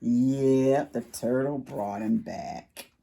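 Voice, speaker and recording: Reading to preschoolers at library storytime, a woman performs a picture book with animation, gasps, and whispered asides to the children. Her voice is gravelly and extremely low in pitch, and she speaks very slowly.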